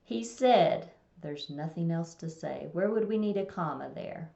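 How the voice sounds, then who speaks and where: Low-voiced woman explaining commas, kinda roomy muffled recording. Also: expressive, unhurried, gravelly, warm tone. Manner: plain explanatory, reads example sentences aloud. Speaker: teacher. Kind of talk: recorded test-prep lesson. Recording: echoey room, dull lo-fi sound.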